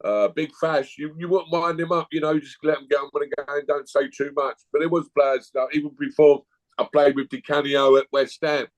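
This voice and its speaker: A man's voice: on the high side, level tone, fairly quick, rough recording. A man, a guest telling blunt, jokey stories in a casual chat.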